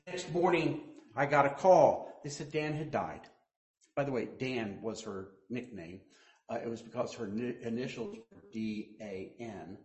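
A man preaching a sermon as pastor, telling stories and quoting people in hushed voices, then rising to loud emphasis. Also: mid-range voice, a little slow. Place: church sanctuary. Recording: echoey church room.

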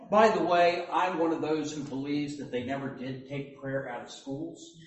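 A man preaching a sermon as pastor, slow and deliberate, with joking asides. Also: a little high. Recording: echoey hall, mic at a distance.

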